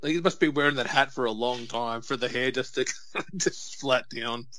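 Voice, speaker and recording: A man's voice: mid-range voice, pushed and bright, dry recording. A man with an everyday mid-range voice chats through a wrestling match. He tells stories, laughs easily, and slips into quoted voices. The mic is close and dry. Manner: storytelling, quick laughs, acts out quotes. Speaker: podcast co-host. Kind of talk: casual watch-along commentary.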